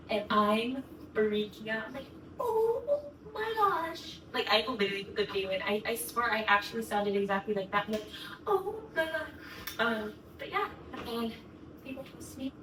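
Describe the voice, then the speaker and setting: A young woman vlogger telling a story to camera in a gushing, chatty way, full of "like". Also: medium pitch. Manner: gushing, chatty, heavy use of "like". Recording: echoey room, mic at a distance, background noise.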